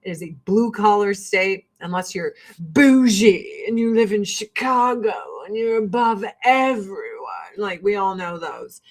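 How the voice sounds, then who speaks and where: In a medium-pitched voice at a measured pace, a woman from rural Illinois, US Midwest, hosts a casual get-ready-with-me vlog. She is blunt and talkative, swears with abandon, and laughs often.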